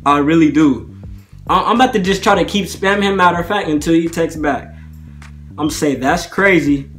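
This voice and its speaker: A young man with a somewhat high-pitched voice talks casually to the camera, rambling in loose slang and constantly checking in with his viewers. Faint guitar music plays underneath. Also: a little fast, fairly bright tone. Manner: chatty, slangy, keeps asking "you feel me". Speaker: prank vlogger.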